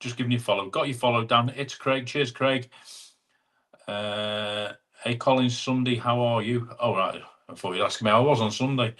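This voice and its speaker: A mid-range, fairly bright male voice leads a casual livestream chat in a home room. The host reads comments from viewers out loud, calls them "mate," and keeps things chatty with quick asides, captured on a wireless clip-on mic.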